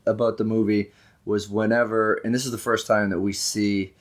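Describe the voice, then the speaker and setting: Low-voiced man recapping a movie jokingly. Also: moderate pace. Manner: jokey, animated retelling with put-on quotes. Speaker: podcast co-host. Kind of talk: casual movie recap chat.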